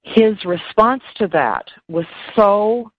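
A woman speaking as an interview guest, emotional and halting, often repeating words. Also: medium pitch, expressive. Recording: dull lo-fi dry sound.

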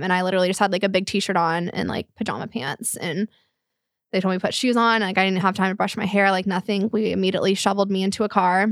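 A woman's voice: mid-range voice, quick pace, no room sound, studio quality. A young woman telling a painful personal story in a podcast talk, tearful and rambling with many fillers. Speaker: guest.

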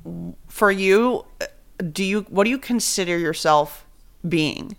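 A woman's voice: medium pitch, unhurried, gravelly. A woman hosting a podcast, chatting casually in a giggly, rambling way with lots of fillers. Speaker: podcast host. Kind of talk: casual chat.

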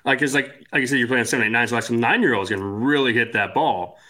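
A man's voice: medium pitch, sharp tone. A man from Kansas, a podcast guest in casual chat, talking easygoing with lots of fillers. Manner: easygoing, fast, filler-heavy talk.

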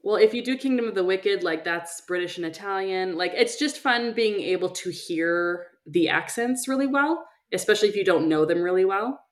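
A woman's voice: medium pitch, expressive, normal speed, hardly any pauses. A woman co-hosting a book podcast, chatting casually and often restarting her thoughts mid-sentence. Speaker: podcast co-host.

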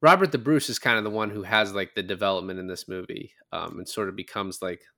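A man's voice: low-pitched, fast, creaky, sharp tone. A man co-hosting a podcast, casually recapping a film, rambling and laughing as he retells scenes. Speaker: podcast co-host. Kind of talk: casual movie recap chat.

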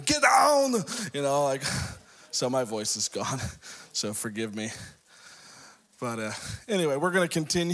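A man preaching a sermon as pastor, hoarse with a worn-out voice, telling jokey stories and laughing often. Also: medium pitch. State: hoarse, voice shot.

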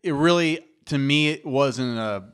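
A man's voice: mid-range voice, a little slow, fairly bright tone, smooth. A man co-hosting a podcast, chatting casually in a laid-back, dry and blunt way. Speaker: podcast co-host. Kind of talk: casual chat.

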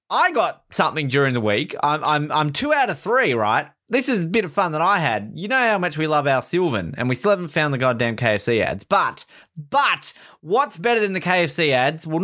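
Animated casual podcast host. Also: male voice, a little high. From Canada. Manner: animated storytelling, does quick voices for others.

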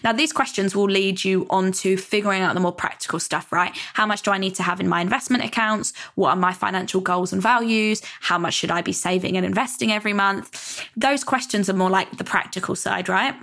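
A woman's voice: medium pitch, a little fast, creaky, a bit bright. A young British woman hosting a solo podcast, talking casually and rambling, with many fillers and self-corrections. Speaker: podcast host.

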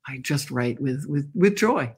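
Here a Canadian guest author, an older woman, talks through an interview in a bass register that is animated and a touch rough, moving a bit slowly. Her storytelling is candid and thoughtful, punctuated by laughter.

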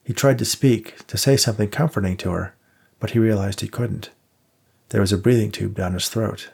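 A man narrating an audiobook in a measured, even way. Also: on the low side, gravelly, husky. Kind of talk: scripted narration.

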